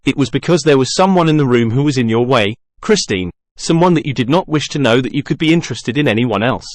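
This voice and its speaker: A man's voice: medium pitch, expressive, fast, no echo, clean studio sound, lightly acted. A man reading the lines of a shy, jealous young nobleman in an earnest, pleading way.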